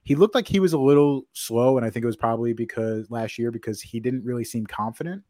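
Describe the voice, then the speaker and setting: Male podcast co-host, loose filler-heavy chat, mid pitch, dry booth sound. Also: fast talker, mellow, dry recording. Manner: rambling, filler-heavy, self-correcting. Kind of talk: casual sports chat.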